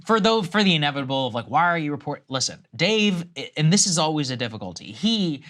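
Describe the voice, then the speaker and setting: A man's voice: on the high side, very animated, quick pace, fairly bright tone. A man co-hosting a political news show, reading reports aloud and then riffing with restarts. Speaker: co-host.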